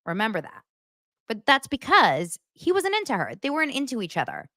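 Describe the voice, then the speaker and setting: A woman hosting a podcast, recapping reality TV in a blunt, animated and profane way. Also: on the high side, fairly quick, no room sound, clean studio sound. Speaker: podcast host.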